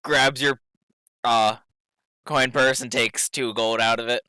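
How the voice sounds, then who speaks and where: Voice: medium pitch, fairly even intonation, slow pace, sharp tone, clean tone, no echo, studio quality. A dungeon master narrating a tabletop game, often laughing between lines.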